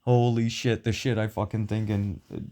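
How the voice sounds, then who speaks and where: A man's voice: fairly low pitch, level tone, normal speed, mellow. A man chatting casually with his wife, loose and joking, swearing freely and laughing often. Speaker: co-host of a couple's chat vlog. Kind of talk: casual chat.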